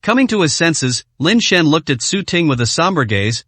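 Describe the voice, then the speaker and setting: A man narrating a dramatic story in a scripted, expressive reading. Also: fairly high pitch, moderate pace, husky, dry recording.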